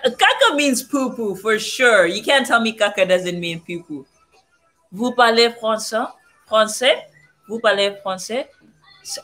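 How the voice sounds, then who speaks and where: A woman's voice: medium pitch, a bit bright. A young woman from southern Africa chatting casually as a vlogger, playfully sounding out foreign phrases one by one. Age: young adult. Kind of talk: casual livestream chat. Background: faint music playing.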